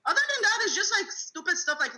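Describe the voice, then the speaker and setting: A woman's voice: very high voice, expressive, fast talker, bright, forceful tone, poor audio. A woman in her twenties, a rideshare driver from California, telling blunt, profane stories in a casual roundtable chat. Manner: blunt, swears freely, acts out passengers with laughs.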